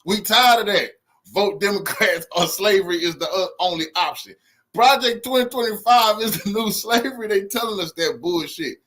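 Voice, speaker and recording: A man's voice: sits high, normal speed, pushed and bright. A man hosting a commentary channel, reacting to news clips in a heated, mocking, profane way and laughing often.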